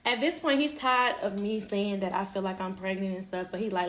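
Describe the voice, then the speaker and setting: A woman's voice: mid-range voice, steady tone, a little fast, few pauses, a bit bright. A woman telling a personal story casually to a live-stream audience, chatty and direct. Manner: chatty, addresses listeners as y'all, quotes others.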